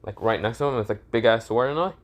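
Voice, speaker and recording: A man's voice: medium pitch, fast talker. A young man narrating a fan story casually, with many fillers and self-corrections.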